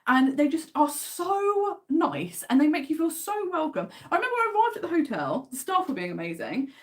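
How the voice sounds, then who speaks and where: Brief: English woman, livestream host, chatty and enthusiastic, slightly high voice. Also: very animated, normal speed. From England. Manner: chatty, enthusiastic, reads out viewer comments. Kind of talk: casual livestream chat.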